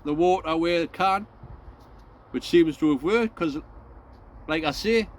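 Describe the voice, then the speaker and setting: Chatty high-voiced man on an allotment. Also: a little slow. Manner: rambling, chatty, laughs at himself, talks to viewers as folks. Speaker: allotment gardening vlogger. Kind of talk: casual chat to camera. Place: outdoor allotment garden.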